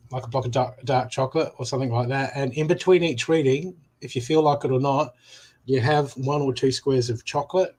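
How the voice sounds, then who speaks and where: A man's voice: mid-range voice, rough recording. A middle-aged man hosting a live reading stream, chatty and rambling as he talks to viewers at home. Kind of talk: casual live-stream chat. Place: home room.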